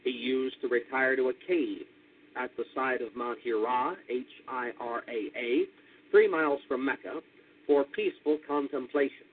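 An American man preaching a radio sermon, deliberate and methodical, spelling out words and rising with emphasis on key points. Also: mid-range voice, breathy edge. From United States. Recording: tinny lo-fi radio broadcast.

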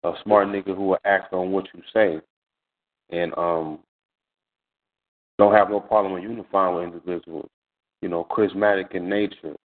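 A man with a fairly low voice talks in an unhurried, measured way, often stopping to check in with "you know". The line is narrow and phone-like, as on call-in radio. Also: steady tone. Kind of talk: casual radio talk.

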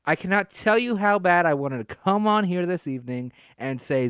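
A man co-hosting a casual wrestling podcast, animated and laughing, drawing words out for emphasis. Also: high-pitched, moderate pace, hardly any pauses, clean tone, no echo, clean studio sound. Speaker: podcast co-host.

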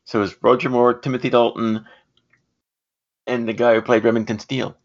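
A man's voice: medium pitch, level tone, moderate pace, highs cut off. A man co-hosting a podcast, chatting in a meandering way and laughing easily. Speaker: podcast co-host. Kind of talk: casual chat.

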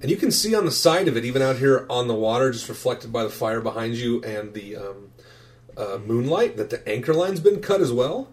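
A man's voice: medium pitch, big pitch swings, a little fast. A man running a tabletop game as game master, describing scenes with plenty of swearing and laughter. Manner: swears freely, laughs often.

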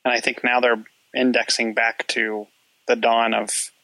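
Gravelly tech podcast cohost, halting, keeps restarting, dry close mic. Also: male voice, medium pitch, level tone, pushed and bright, dry recording, rough recording. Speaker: podcast co-host. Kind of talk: casual tech chat.

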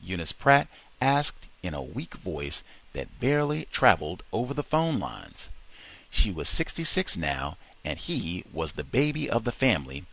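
A man's voice: low-pitched, very animated, unhurried, vocal fry, fairly bright tone. A man reading a book aloud to a study group, expressively voicing its quoted dialogue. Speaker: reader in a book study session.

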